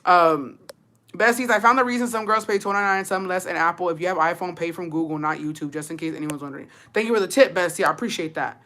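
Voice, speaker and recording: A woman's voice: on the low side, a bit bright. A woman telling a story to her live chat, cursing freely and switching between English and Spanish. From Texas. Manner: profane, switches into Spanish, quick laughs. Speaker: streamer.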